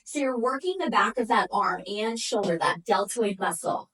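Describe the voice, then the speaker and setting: Leading Pilates while exercising, a woman breathes hard as she coaches and counts down reps. Her pitch is medium, her tone a bit bright, and she speaks at normal speed with lively intonation. The mic is distant.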